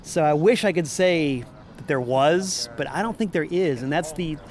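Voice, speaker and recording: A man's voice: on the high side, moderate pace, soft background music. A man, a musician and former record store owner, talking in a rambling, upbeat way in a casual interview in a parking lot. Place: parking lot outside a venue.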